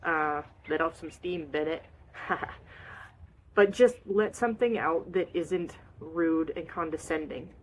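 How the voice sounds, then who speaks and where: A woman coaching on holistic wellness in a casual, expressive way, repeating short phrases and acting out feelings with sighs and little noises. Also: low-pitched, slow pace, slight background noise. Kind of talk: casual advice talk.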